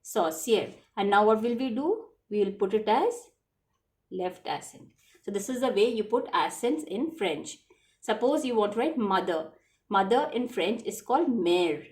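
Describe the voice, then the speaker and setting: A woman's voice: mid-range voice, expressive, unhurried, darkish tone. A woman, teaching French to children in a patient lesson, repeating each word.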